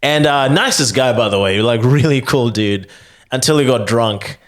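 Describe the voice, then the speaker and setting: A man's voice: mid-range voice, moderate pace. A young man, ranting profanely and telling stories on a comedy podcast. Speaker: podcast co-host. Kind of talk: casual comedy rant.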